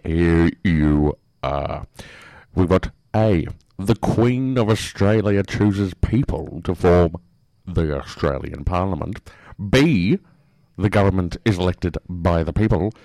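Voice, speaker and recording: A man's voice: deep voice, slow, dark tone, no room sound, low-quality recording. A man hosting a mock radio quiz in a comedy sketch, playfully formal.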